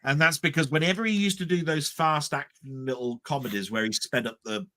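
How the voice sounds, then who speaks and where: Bright-voiced rambling man chatting. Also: a little high, fairly quick. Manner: rambling, stop-start storytelling with repeated words. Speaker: livestream co-host. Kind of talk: casual chat.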